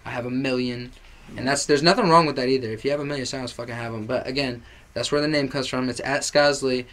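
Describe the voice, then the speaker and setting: An excitable young man talks as a podcast guest. He swears freely and spells out names letter by letter, and his pitch sits in an average range. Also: fast. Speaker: guest musician. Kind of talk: casual podcast chat.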